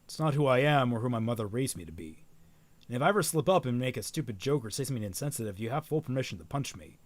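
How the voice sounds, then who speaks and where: A man voicing a huge, gentle young swordsman in a lowered, quiet voice. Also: expressive, fast talker, dry recording, close to an everyday voice.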